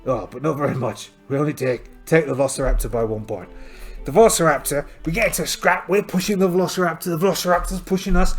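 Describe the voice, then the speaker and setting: A man with a somewhat high voice talks at a quick pace while hosting a solo tabletop game. He narrates with playful storytelling, thinking aloud as he rolls dice, and faint backing music runs underneath.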